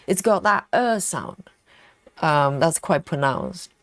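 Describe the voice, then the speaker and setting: A British woman chats unhurriedly through a live stitch-along, reading comments aloud and laughing easily. Her pitch swings widely as she muses, and the sound is dry and close. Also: animated, takes it slowly, no room sound. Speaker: livestream host reading viewer chat. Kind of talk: casual live chat while cross-stitching.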